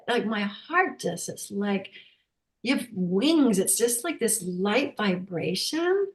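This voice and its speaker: A woman speaks over a video call, telling an emotional personal story. She stumbles and restarts often as she searches for words. Her voice sits at a middle pitch and carries a noticeable roomy echo. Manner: emotional, halting, many restarts. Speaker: workshop participant sharing a story. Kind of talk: casual testimonial.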